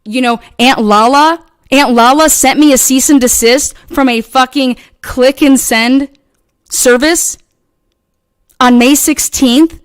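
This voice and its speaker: A woman's voice: high-pitched, takes it slowly, clear, resonant tone, no room sound. Furious foul-mouthed woman ranting. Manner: profane, combative, heated. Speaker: channel host. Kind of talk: angry livestream rant.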